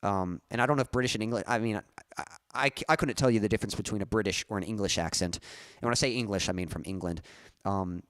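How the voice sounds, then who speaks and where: A man's voice: lowish voice, fast talker, fairly bright tone, dry recording, clean studio sound. A young man chatting casually on his music live stream, rambling and correcting himself with small chuckles.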